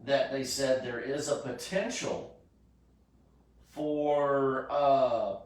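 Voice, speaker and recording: A man chatting casually as a host, pausing and restarting his sentences with many fillers. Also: medium pitch, steady tone, darkish tone. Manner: halting, restarts often with fillers. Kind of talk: casual chat. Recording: echoey room, far from mic.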